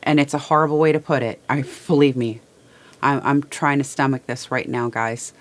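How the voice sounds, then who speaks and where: A woman host speaking to viewers from a small studio in a halting, emotional way, repeating words as she holds back tears. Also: a bass voice, fairly even intonation. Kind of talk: heartfelt personal talk to viewers.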